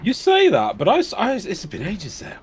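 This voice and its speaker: A man chatting casually with friends over a game, rambling through stories with animated bursts of mock confusion. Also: high voice, a little fast.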